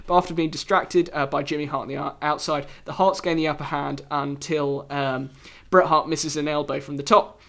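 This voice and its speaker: A man's voice: a little high, fairly bright tone. A man hosting a solo review podcast, talking casually with many fillers, restarts and wry asides. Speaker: podcast host reviewing wrestling.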